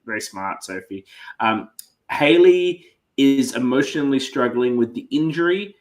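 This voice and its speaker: A man's voice: medium pitch, animated, a little slow. A man co-hosting a podcast, chatting casually through a reality show recap, swearing freely and restarting his sentences. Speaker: podcast co-host.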